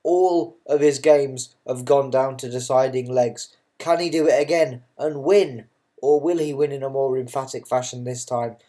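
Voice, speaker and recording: A man's voice: medium pitch, steady tone, moderate pace, dark tone. A man giving casual, unscripted darts commentary, chatty and self-mocking, who swears freely and drifts into ranting asides.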